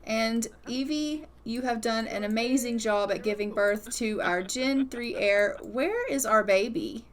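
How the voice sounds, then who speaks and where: A woman's voice: on the high side, measured pace, few pauses, slight background noise. A young adult woman giving casual, chatty commentary as she plays a life-simulation game. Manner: chatty, storytelling, upbeat. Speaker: gaming YouTuber.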